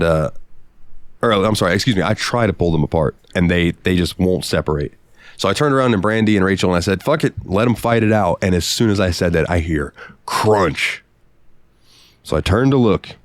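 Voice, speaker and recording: A man co-hosting a podcast, telling profane, animated stories in casual chat. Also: deep voice, dry recording. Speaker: podcast co-host. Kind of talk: casual storytelling.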